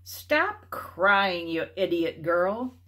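A woman's voice: mid-range voice, animated, normal speed, natural voice. A woman reading aloud the lines of a scornful, harsh adult male soldier. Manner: sneering, harsh.

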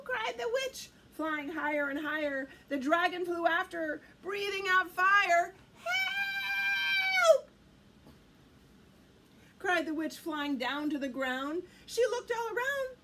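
A woman reading a picture book aloud to children in an animated, sing-song way. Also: extremely high pitch, measured pace, hardly any pauses, a little hiss or hum. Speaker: children's storyteller.

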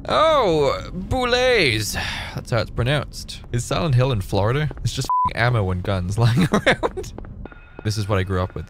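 A man in his thirties from Northern Ireland, commentating a horror game stream, excitable, yelling, swearing and putting on joke voices. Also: medium pitch, slight background noise. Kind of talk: let's-play stream commentary.

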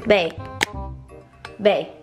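A young woman filming a prank vlog at home, teasing her boyfriend in slangy, repetitive talk. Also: extremely slow. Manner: teasing, repeats herself, slangy. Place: home, indoors. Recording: echoey room with music underneath. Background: background music.

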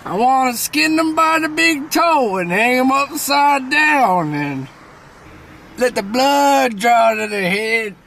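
A man's voice: extremely high pitch, lively intonation, takes it slowly, gravelly, sharp tone, a little hiss or hum. A man joking crudely from a car, swearing as he talks. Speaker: worker on the crew. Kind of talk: profane casual chat.

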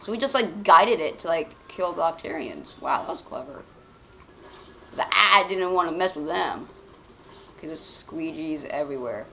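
A woman giving let's play commentary on a game, swinging between loud excited outbursts and quiet muttering to herself. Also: low voice, moderate pace, vocal fry, a little hiss or hum. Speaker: gaming channel host.

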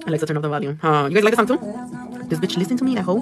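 A woman with a fairly low voice and lively intonation talks very fast while livestreaming as she paints nails. With music in the background, she swears freely, drops into Spanish, and replies to viewer comments.

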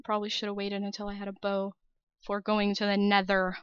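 A woman's voice: medium pitch, monotone, a little fast, a bit bright, clear, resonant tone, dry recording, lo-fi sound. A young woman narrating her own game as a let's-play host, nervous and shaky, talking to herself and her viewers. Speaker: gaming channel host.

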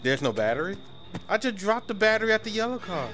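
Excitable, profane man gaming. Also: sits high, quick pace. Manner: excitable, panicky, joking, profane. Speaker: gamer. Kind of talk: live gameplay chat with teammates. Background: game music.

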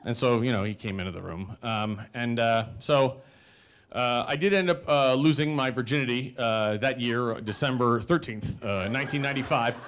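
A man in his forties telling a comic personal story live on stage, self-mocking, with animated quoted voices and audience laughter behind. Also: mid-range voice, normal speed, clear, resonant tone.

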